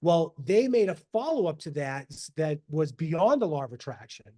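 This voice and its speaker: A man speaking as a podcast guest in casual interview talk, animated and motivational, over a video call. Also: on the high side, moderate pace. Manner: animated, motivational, quotes himself in asides.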